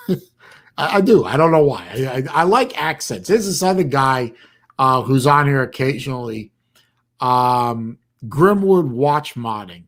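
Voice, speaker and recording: A man hosting a casual livestream chat, talking in a rambling, halting way with bursts of dry sarcasm. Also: medium pitch, big pitch swings. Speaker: livestream host.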